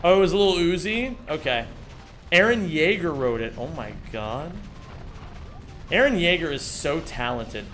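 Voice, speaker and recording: A man with a high, very lively voice calls out his speedrun live, jumping from casual chatter to loud excited outbursts. He swears freely and trades jokes with his chat. Faint game music plays behind him. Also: measured pace. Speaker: streamer and speedrunner. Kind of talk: live-stream commentary while playing.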